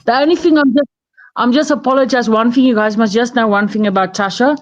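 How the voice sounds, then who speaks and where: A woman's voice: fairly high pitch, fairly quick, muffled recording. A woman from South Africa with a South African accent, chatting casually on a live stream from her bed, rambling and laughing often. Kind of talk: casual chat. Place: lying on her bed at home. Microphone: phone.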